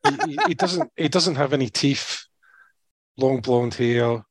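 A Scottish man on a sports podcast who hesitates often and slips in dry jokes. His voice is mid-pitched and sounds close and dry, with no room echo. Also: sing-song, a little slow, breathy edge. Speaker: podcast co-host. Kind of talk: casual sports podcast chat.

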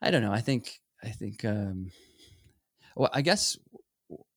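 A man's voice: lowish voice, lively intonation, a little slow, no room sound, studio quality. A middle-aged man talking casually and reflectively as a photography teacher, rambling a little and acting out the voices he quotes. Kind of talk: casual conversation.

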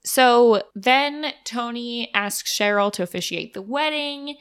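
A woman's voice: on the high side, takes it slowly, clear, resonant tone. Chatty woman recapping an episode. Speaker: podcast co-host. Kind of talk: casual TV recap chat.

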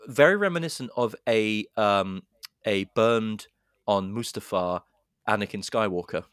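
A man's voice: on the low side, unhurried, smooth, no echo, clean studio sound. A man co-hosting a podcast, retelling a horror film plot in casual chat, swearing and acting out the lines with relish. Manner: animated storyteller, swearing, puts on dramatic voices for quotes. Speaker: podcast co-host.

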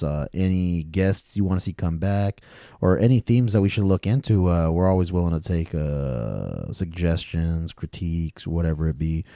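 A man's voice: low voice, warm tone, dry recording, studio quality. A man hosting a podcast, chatting casually and rambling a little, in laid-back slang. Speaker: podcast host. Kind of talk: casual movie chat.

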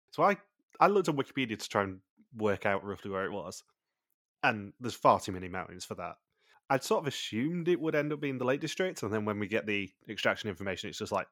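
A man with a low voice talks through a show's plot in a relaxed, chatty way. His voice sits close and dry on the mic, with no room around it. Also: quick pace, no echo. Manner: chatty, recaps plot points in long runs. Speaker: podcast host. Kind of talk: casual chat recapping a TV show.

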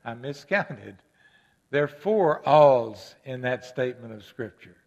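A man preaching to his congregation in a mid-pitched voice, gentle and earnest, then building into emphatic, repeated questions. The recording sounds a little dull and muffled. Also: animated, measured pace. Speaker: pastor. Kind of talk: sermon.

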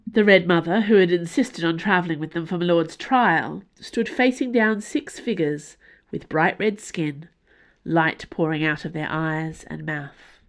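Woman narrating an audiobook, lowish voice. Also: measured pace. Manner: expressive, varied delivery.

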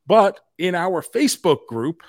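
A man co-hosting a casual pop culture podcast, animated and joking, with casual swearing. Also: sits high, unhurried, dry recording, clean studio sound. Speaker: podcast co-host.

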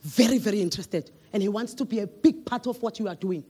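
A woman with a South African accent preaching a sermon, shouting declarations and chanting in rhythmic bursts. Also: medium pitch, fast talker, husky, soft background music.

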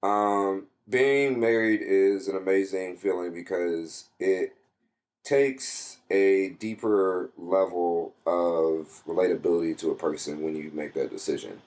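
A young man in a casual interview, telling a personal story and jumping way up in pitch when he quotes himself. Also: unhurried. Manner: animated, swings his pitch way up when quoting himself. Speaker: guest.

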